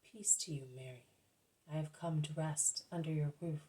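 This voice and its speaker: A woman reader voicing a gentle male spiritual teacher in a calm, even tone. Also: deep voice, moderate pace, husky.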